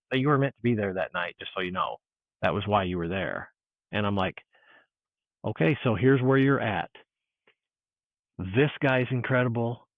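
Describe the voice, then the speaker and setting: A man telling a personal encounter story in casual chat, animated and full of restarts, acting out what people said. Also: on the low side, dry recording. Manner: animated storyteller, restarts, acts out quoted dialogue. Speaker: guest. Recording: tinny phone-like line.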